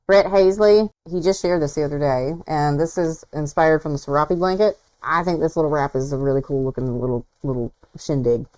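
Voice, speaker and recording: A woman hosts a relaxed livestream in a low, mellow voice. She talks in a chatty, admiring way and pokes fun at herself now and then. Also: a little fast, hardly any pauses, low-quality recording. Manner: chatty, self-deprecating, admiring. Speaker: host. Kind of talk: casual livestream commentary.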